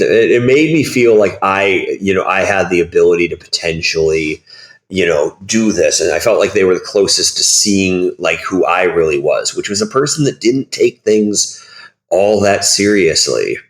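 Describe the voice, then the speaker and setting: A man with a somewhat low voice talks as a guest in a casual interview. He rambles through animated stories, leaning on lots of fillers. The sound has a roomy echo to it. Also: normal speed.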